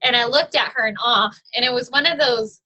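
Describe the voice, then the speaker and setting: A woman's voice: on the high side, a little fast, bright, forceful tone, lo-fi sound. A young adult woman, a guest speaker, giving a casual, chatty personal testimony with fillers and frequent laughs.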